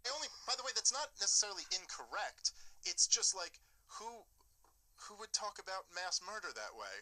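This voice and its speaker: Brief: chatty male podcast guest, bright tone, animated filler-heavy arguing. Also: high-pitched, a little fast, poor audio. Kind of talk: casual political chat.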